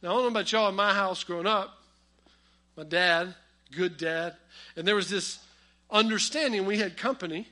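High-voiced bright preacher. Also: male voice, moderate pace. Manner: storytelling with humor, swings between loud emphasis and quiet asides. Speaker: pastor. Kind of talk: sermon.

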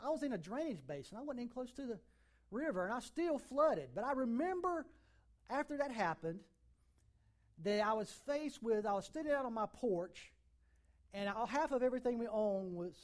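A middle-aged man preaching a sermon as a pastor, emphatic, with sudden swings between loud and soft. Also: extremely high pitch, animated, a little fast.

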